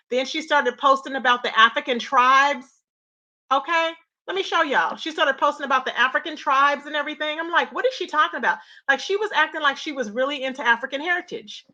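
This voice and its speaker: Woman host, casual commentary stream, high bright voice, opinionated and chatty with her audience. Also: muffled recording. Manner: chatty, opinionated, addresses viewers as y'all. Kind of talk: casual drama commentary talk.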